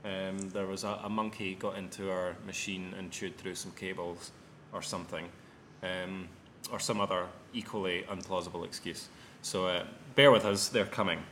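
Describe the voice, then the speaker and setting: Low-voiced Edinburgh man, dry humor. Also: fairly even intonation, normal speed, hardly any pauses, fairly bright tone, a little hiss or hum. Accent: Edinburgh Scottish. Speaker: podcast co-host. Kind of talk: casual chat.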